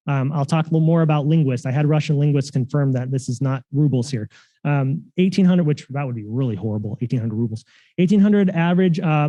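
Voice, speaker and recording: A man's voice: fairly high pitch, mellow. A man giving a security conference talk, casual and full of fillers and restarts. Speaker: conference speaker. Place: conference room.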